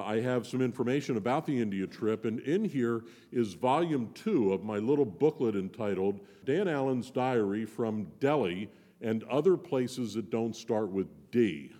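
A man's voice: mid-range voice, mellow. Folksy joking preacher man in a church. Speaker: visiting preacher. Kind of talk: sermon. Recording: long church reverb.

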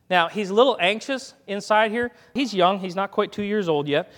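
Folksy preacher, male, high voice, long church-hall reverb, talks easily to the congregation and the dog. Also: normal speed, a bit bright. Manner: chatty, folksy, gives dog commands mid-sermon. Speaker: guest preacher. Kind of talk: conversational sermon with live dog demonstration. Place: church sanctuary.

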